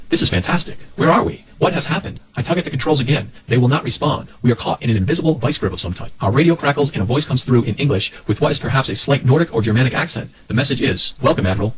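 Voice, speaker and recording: A man reading an expedition diary as scripted narration, brisk and matter-of-fact. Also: mid-range voice, breathy edge, poor audio.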